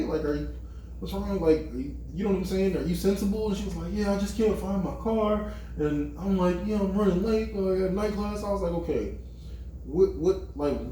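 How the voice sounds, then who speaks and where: Podcast guy in his twenties spinning a yarn, cussing a lot, slightly high voice, faint hum behind. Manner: animated, profane storytelling with lots of quoted dialogue. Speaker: podcast co-host. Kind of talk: casual storytelling among friends. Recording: echoey room, mic at a distance.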